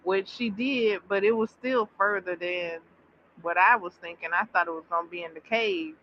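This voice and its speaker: A woman chatting casually on a livestream, reacting with bursts of excitement and drawn-out exclamations. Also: on the low side. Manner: animated, exclaiming, drawn-out repeats. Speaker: streamer reacting to a series. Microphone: streaming mic. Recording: slightly dull audio with faint background noise.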